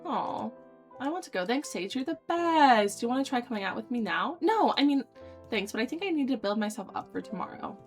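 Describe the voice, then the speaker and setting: A woman's voice: on the high side, fast talker, soft background music. Woman streamer reading a dating game. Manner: dramatic read-aloud with loud excited asides. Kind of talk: reading a dating sim aloud with reactions.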